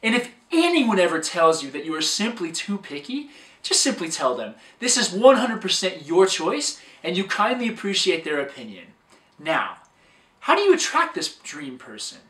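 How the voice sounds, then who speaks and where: A man's voice: a little high, huge pitch swings, moderate pace, fairly bright tone, distant mic. A man giving an upbeat, scripted talk as a dating coach, recorded in an echoey room a little way from the microphone.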